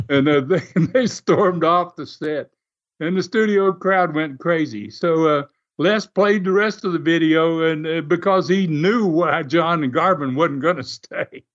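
Fields: Sex: man. Role: storyteller. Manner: animated, laughing. Pitch: somewhat high. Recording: muffled lo-fi. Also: a little slow. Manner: animated, laughs often, acts out quoted voices. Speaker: guest recounting wrestling TV history. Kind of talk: casual storytelling. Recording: muffled lo-fi audio.

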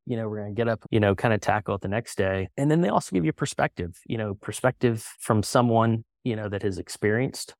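A middle-aged man talking casually as a podcast guest, relaxed and full of fillers. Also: fairly low pitch, fast, creaky, few pauses, no echo, studio quality. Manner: relaxed, conversational, many fillers. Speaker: guest, company co-founder.

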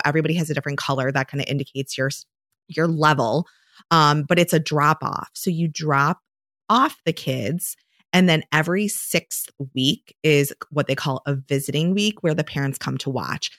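Low-voiced chatty woman podcaster. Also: a bit bright, no room sound, studio quality. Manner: chatty, rambling with fillers and restarts. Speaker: podcast co-host; dietitian. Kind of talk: casual chat.

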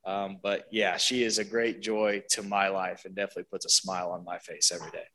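A man's voice: low voice, level tone, a little fast, a bit bright. Man, staff member, panel interview, chatty, humorous storytelling. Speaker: staff member at a senior living home.

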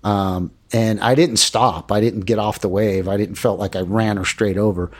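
A man's voice: lowish voice, normal speed. A man talking casually about surfing, rambling and acting out the voices of people in his stories. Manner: rambling, animated, acts out quoted voices. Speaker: surfer guest. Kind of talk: casual chat.

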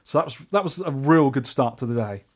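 A man with a London accent rattles through a travel story on a podcast, talking fast and easily. He is animated and slips into voices for the people in his tale. His pitch sits mid-range for a man. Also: slightly rough. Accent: English, London. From England. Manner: animated, acts out quoted voices. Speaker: podcast co-host. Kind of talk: casual storytelling chat.

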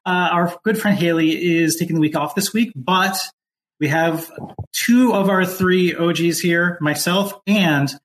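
Guy cohosting a podcast, kinda high voice, lots of uhs and restarts. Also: measured pace, slight background noise. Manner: relaxed, hesitant with fillers and restarts. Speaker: podcast co-host. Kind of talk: casual podcast chat.

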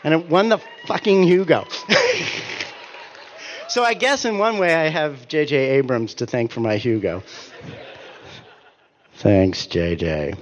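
A man in his forties telling comic stories in an animated, ranting way, swearing and breaking off his own sentences. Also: fairly high pitch, unhurried, in a large hall, dull audio, slight background noise. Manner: animated, ranting, profane, self-interrupting. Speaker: author and speaker. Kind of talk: comic storytelling talk.

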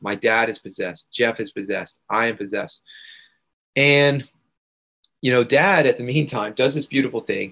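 A man's voice: mid-range voice, vocal fry, fairly bright tone. A man, a guest on a podcast, earnestly telling a personal story and emphatically repeating key words. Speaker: podcast guest, integration coach.

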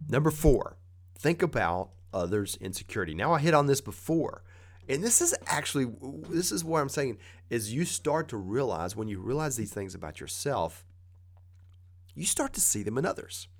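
A man's voice: mid-range voice, very animated, normal speed. A man giving a conversational motivational talk, coaching with plain repeated advice.

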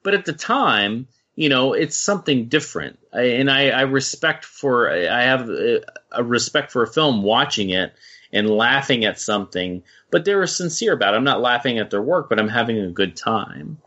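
Animated rambling man, bright tone. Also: mid-range voice, moderate pace, lo-fi sound. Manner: animated, rambling, swears casually. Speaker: podcast co-host. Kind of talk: casual film podcast chat.

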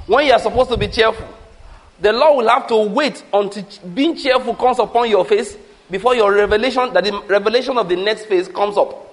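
Animated high-voiced preacher. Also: male voice. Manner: animated preaching with rhetorical questions and call-outs. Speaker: pastor. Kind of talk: sermon.

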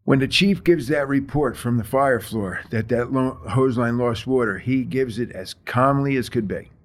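Man calmly recounting a fire call. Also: mid-range voice. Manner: plain, measured retelling with many fillers. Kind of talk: interview storytelling.

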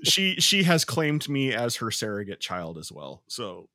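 A man's voice: mid-range voice, very animated, measured pace, bright, forceful tone, no room sound. A man on a casual podcast, teasing and ribbing his co-hosts with dry jokes. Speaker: podcast co-host.

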